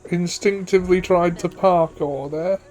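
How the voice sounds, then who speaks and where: A man's voice: sits high, fairly even intonation, a little slow, a little mellow. A man co-hosting a game stream, musing aloud in a dry, rambling way. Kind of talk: casual let's-play commentary.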